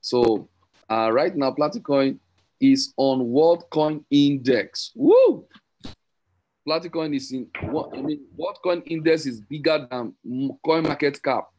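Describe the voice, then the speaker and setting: Excitable man pitching crypto. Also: normal speed, poor audio. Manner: rambling, repetitive, self-correcting, teasing. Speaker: crypto promoter hosting a group call. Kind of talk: excited sales pitch with screen share.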